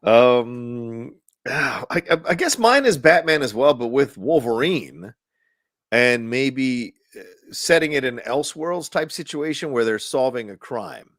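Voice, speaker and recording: A man's voice: mid-range voice, lively intonation, unhurried, fairly bright tone, dry recording, studio quality. A man co-hosting a podcast in casual chat, talking loosely, swearing now and then and trailing off in fillers. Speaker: podcast co-host.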